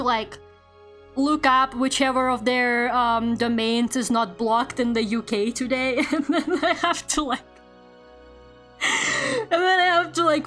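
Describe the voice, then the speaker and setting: This is a woman with a high, light voice, talking casually to her stream audience while drawing. She rambles from thought to thought, laughs a lot and swears without a second thought. A quiet game soundtrack plays faintly underneath. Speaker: VTuber streamer. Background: faint video game soundtrack music.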